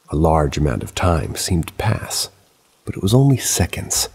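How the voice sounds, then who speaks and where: Gravelly, very deep male storyteller. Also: big pitch swings, normal speed, a little mellow. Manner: casual, conversational retelling with asides. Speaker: narrator of paranormal stories. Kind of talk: first-person storytelling narration.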